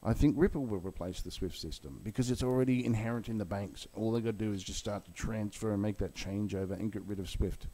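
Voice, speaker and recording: A man's voice: fairly low pitch, quick pace, few pauses, warm tone. A man ranting heatedly and swearing bluntly about the crypto market, then walking through chart analysis in a video. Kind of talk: angry rant and chart commentary.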